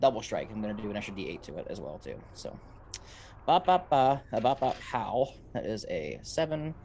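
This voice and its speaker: A man's voice: lowish voice, big pitch swings, a little fast, darkish tone, slight background noise. A man playing in a tabletop game, joking casually and counting his dice rolls aloud. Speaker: player.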